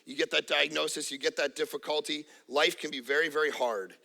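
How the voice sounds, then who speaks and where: A middle-aged man preaching a sermon as a pastor, animated, acting out little voices and jokes. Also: a little high, a little fast, creaky. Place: church auditorium.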